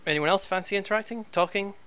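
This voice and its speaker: A man running a tabletop game as game master, narrating slowly with fillers. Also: high voice, clean tone. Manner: slow, halting narration with fillers. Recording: dull lo-fi voice chat.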